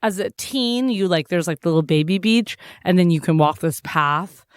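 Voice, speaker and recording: A man's voice: high-pitched, expressive, moderate pace, smooth, dry recording. A man co-hosting a podcast in casual chat, rambling with lots of fillers and laughing often. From Massachusetts. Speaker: podcast co-host.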